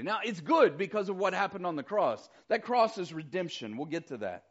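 Lively middle-aged male preacher. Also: high voice, a little fast, few pauses, highs cut off. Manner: conversational, animated storytelling preacher. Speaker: pastor. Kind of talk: sermon.

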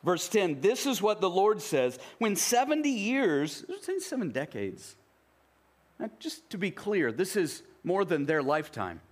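A man's voice: sits high, huge pitch swings, a little slow. Man preaching a conversational sermon. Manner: conversational preaching, reads scripture aloud then explains it. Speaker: pastor.

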